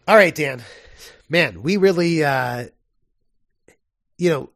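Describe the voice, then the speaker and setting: A man's voice: fairly high pitch, lively intonation, slow, vocal fry, fairly bright tone, no room sound, clean studio sound. A man co-hosting a casual podcast, often laughing and hesitating as he talks. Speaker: podcast co-host. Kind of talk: casual chat.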